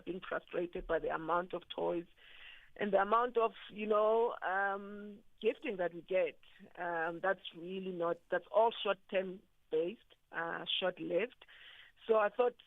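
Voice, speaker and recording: A woman's voice: medium pitch, no echo. Passionate woman guest on a tinny phone line. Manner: animated, passionate, many fillers. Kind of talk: phone interview.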